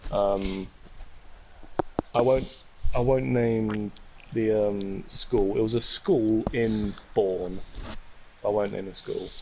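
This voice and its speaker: A man's voice: on the low side, steady tone, slow, long pauses, warm tone. Young man rambling through a story. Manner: rambling, restarts and self-corrections. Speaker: podcast co-host. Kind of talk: casual storytelling. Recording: noticeable background noise.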